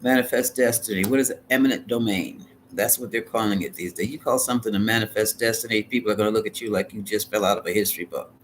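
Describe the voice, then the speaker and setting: A man's voice: lowish voice, fast talker, hardly any pauses, slight background noise. A man giving a live tarot reading in a dramatic, colloquial, sassy way, sometimes dropping into whispered asides. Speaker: tarot reader.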